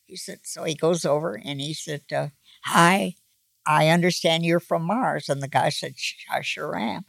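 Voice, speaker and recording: Creaky-voiced woman in her nineties. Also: low-pitched, no echo. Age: 90s. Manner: slow, folksy joke delivery with voiced characters. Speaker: grandmother telling jokes. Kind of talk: casual joke telling.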